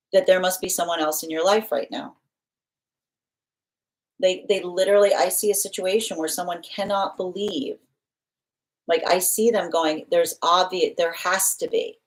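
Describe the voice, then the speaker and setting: A tarot reader with a fairly low voice takes her time as she gives a live reading. She rambles in loose run-on sentences packed with fillers and restarts, voicing what others might say.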